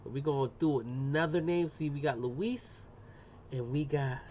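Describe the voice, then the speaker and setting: A middle-aged man chatting casually on a live stream as he demonstrates an engraving job, slangy and talkative, often saying "boom". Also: moderate pace, warm tone. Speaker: livestreamer doing laser engraving. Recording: muffled lo-fi sound with faint room noise.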